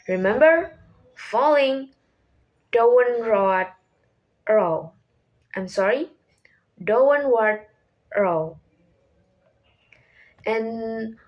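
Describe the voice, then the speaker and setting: A young woman, a student, explaining a class topic slowly and carefully, with learner's phrasing and self-corrections. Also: a little high, poor audio. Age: young adult. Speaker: student presenter.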